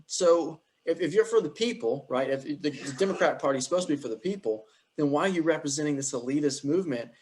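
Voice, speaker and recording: A man's voice: on the high side, lively intonation, fast, darkish tone, slight background noise. A man co-hosting a podcast, rambling through his political opinions in casual chat. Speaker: podcast co-host.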